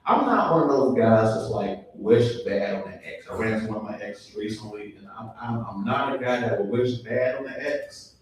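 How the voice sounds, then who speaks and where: A young man performing a stand-up comedy set, chatty and relaxed, with ums and asides to the audience. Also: fairly low pitch, normal speed. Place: live comedy show in a venue. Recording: distant, very echoey room mic with faint noise.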